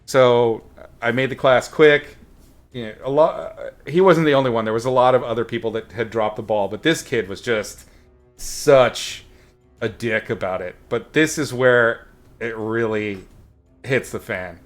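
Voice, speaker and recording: Soft music plays behind this man, a painting instructor on a stream, whose medium-pitched voice moves a little slowly. While painting, he tells a loose, meandering story full of fillers, with some blunt swearing mixed in.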